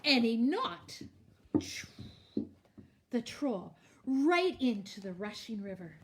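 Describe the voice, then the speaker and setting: A woman librarian reading a storybook aloud to young children in a playful, expressive way. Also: fairly high pitch, slow pace, slight background noise.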